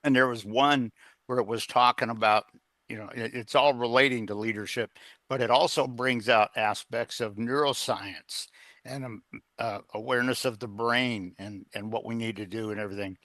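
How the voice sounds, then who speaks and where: A man's voice: mid-range voice, steady tone, moderate pace, bright, forceful tone, no room sound. A middle-aged man telling a personal story as a guest in an interview, rambling, with plenty of fillers and restarts. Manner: earnest, plain-spoken. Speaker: guest, executive coach.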